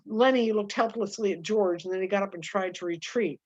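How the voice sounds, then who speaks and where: A woman reading a novel aloud with her own comments, halting, with frequent fillers and self-corrections. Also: mid-range voice, a little mellow, highs cut off. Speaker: reader.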